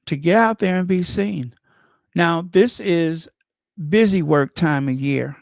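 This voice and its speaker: A man with a fairly high voice talks in a casual, sarcastic way, piling on rhetorical questions and wry asides. The sound is close and dry, with no room around it. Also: takes it slowly, vocal fry, no room sound. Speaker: commentator. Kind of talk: casual chat.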